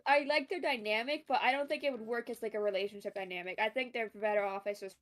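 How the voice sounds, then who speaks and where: A woman streaming a game and chatting casually with a friend, talking in quick asides and laughing often. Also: on the high side, steady tone. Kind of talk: casual gaming stream chat.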